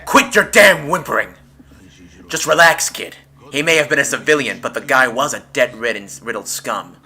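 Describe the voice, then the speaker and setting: A man reading aloud as a brash, crude male yakuza lieutenant in a video game, loud and blustery. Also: mid-range voice, animated, fairly quick. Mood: scornful. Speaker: let's play streamer.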